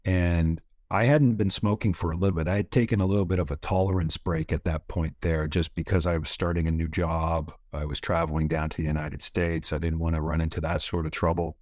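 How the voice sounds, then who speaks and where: A man's voice: low-pitched, steady tone, a little fast, hardly any pauses, darkish tone, no echo, clean studio sound. A middle-aged man from Canada, candidly telling a long personal story in a casual interview, rambling with many fillers and frequent swearing. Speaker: podcast guest.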